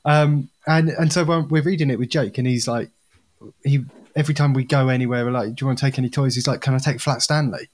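A man co-hosting a podcast, telling animated stories with frequent laughter in casual chat. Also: mid-range voice, fast. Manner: animated storyteller, laughs often. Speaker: podcast co-host.

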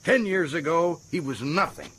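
An actor playing a boastful, folksy American prison governor in a radio drama, with an American accent. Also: male voice, on the high side, animated, normal speed, a bit bright, husky, exaggerated voice. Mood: chatty. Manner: boastful, folksy and self-satisfied.

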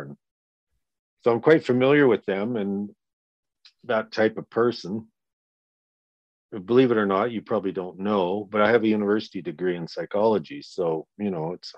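Blunt older man, low voice, dry sound. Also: a little mellow, no room sound, lo-fi sound. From Canada. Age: 60s. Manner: blunt, profane, acts out quoted people in raised voices. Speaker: guest, victim's father. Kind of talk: candid interview.

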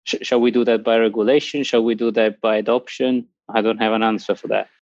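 A man's voice: on the low side, little pitch movement, fast, a little mellow, no echo, highs cut off. A man hosting a podcast in casual conversation, asking many rhetorical questions. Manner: inquisitive, with frequent rhetorical questions. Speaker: podcast host.

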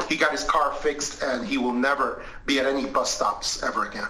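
A middle-aged man, a guest on an interview show, retelling an eerie account in an animated way and acting out what people said. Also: mid-range voice, a little fast, slight background noise. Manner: animated retelling with lively acted quotes. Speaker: guest, retired investigator. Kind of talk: storytelling in an interview. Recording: roomy echoing sound.

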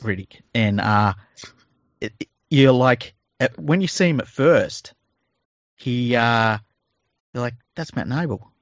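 A man's voice: medium pitch, animated, slow pace, long pauses, no room sound, dull audio. An Australian man co-hosting a podcast, chatting casually with plenty of laughing, joking and swearing. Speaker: podcast co-host. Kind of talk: casual banter.

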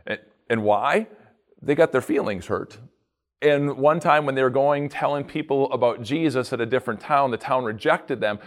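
A middle-aged man as pastor, delivering a sermon with emphatic, rising delivery and dramatic pauses. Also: medium pitch, lively intonation.

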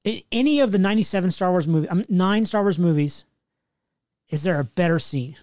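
A man's voice: sits high, fairly quick, no echo, clean studio sound. Laid-back man chatting on a podcast. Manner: relaxed, with fillers and restarts, says dude. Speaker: podcast co-host. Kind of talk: casual chat.

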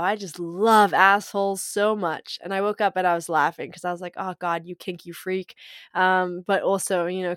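A woman's voice: lowish voice, no room sound, studio quality. A woman talking casually about spirituality, playful and irreverent, swearing freely and laughing often.

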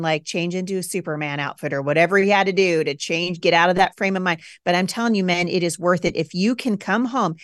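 A woman in her forties speaking as a podcast guest in candid conversation, emphatic and animated, jumping high when she acts out her past self. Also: no echo, clean studio sound.

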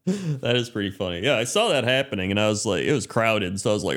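A man co-hosting a podcast, chatting casually in a relaxed, laid-back way. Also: on the low side, quick pace. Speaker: podcast co-host. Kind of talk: casual chat.

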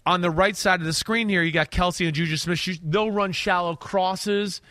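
A middle-aged man from New York breaking down football plays in a casual, animated way, sometimes shouting as he relives the action. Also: high voice, moderate pace, dry recording. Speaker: football analyst co-host. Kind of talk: casual sports film breakdown.

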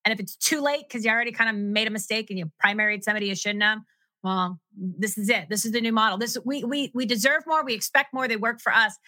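A woman's voice: fairly high pitch, fast talker, sharp tone, no room sound. A woman guest-hosting a talk show, enthusiastic and chatty with her guest. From Arizona. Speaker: guest host.

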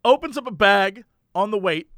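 In a casual chat, a man tells a funny anecdote, animatedly acting out the voices of the people in it and laughing often. His voice sits high at normal speed, with clean studio sound and no echo.

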